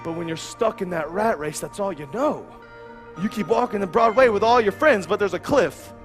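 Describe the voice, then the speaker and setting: Male evangelist, high-pitched, fervent delivery that rises to shouts, soft music bed. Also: lively intonation, moderate pace. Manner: impassioned, swings from hushed to shouting. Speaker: preacher. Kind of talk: evangelistic sermon.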